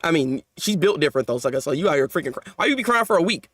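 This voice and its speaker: A man with a high, lively voice that leaps all over the place, reacting live in a casual, slangy way. He stumbles and repeats words as he talks, and the recording is dry and close. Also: racing, dry recording. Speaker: manga reaction YouTuber.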